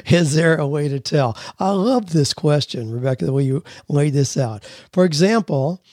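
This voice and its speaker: A man's voice: on the high side, expressive, measured pace, darkish tone, no echo, studio quality. A man hosting a radio advice show, talking in a folksy, conversational way, explaining ideas with everyday examples and reading listener letters aloud.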